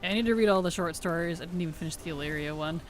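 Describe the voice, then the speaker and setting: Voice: medium pitch, racing, a little hiss or hum. A streamer chatting casually while playing, laughing often and answering questions from chat.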